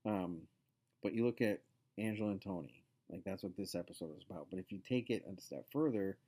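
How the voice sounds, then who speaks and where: A man's voice: low-pitched, fairly quick, dark tone. A man hosting a casual show, talking through a sitcom episode in a loose, rambling way full of fillers and asides. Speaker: podcast host.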